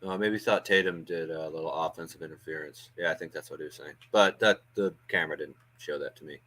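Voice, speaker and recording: A man's voice: a bass voice, fast talker, bright, forceful tone. A man hosting a fan watch-along stream, giving casual live play-by-play with chatty asides, frequent ums and uhs.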